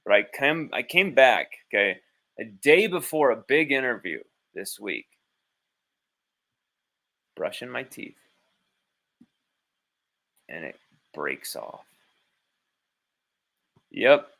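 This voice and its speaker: Bright-voiced, blunt sports podcast host, a man. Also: medium pitch, sing-song, slow, gravelly, long pauses. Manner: rambling, blunt, swears casually. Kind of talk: casual livestream commentary. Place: at home with his child nearby.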